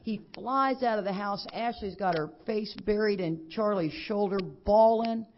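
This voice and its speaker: Animated woman telling her story. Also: mid-range voice, measured pace. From Texas. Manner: animated storytelling, acting out what others said. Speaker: speaker at a recovery convention. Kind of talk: personal testimony talk. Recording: dull lo-fi convention recording.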